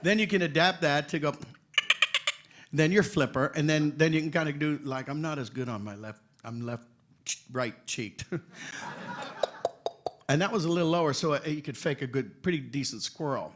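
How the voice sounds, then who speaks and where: An older man in his sixties tells stories on a convention panel in a slightly high voice. He is bright and forceful, animated, joking and quick to laugh. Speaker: voice actor guest on a convention panel. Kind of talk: anecdotal panel storytelling.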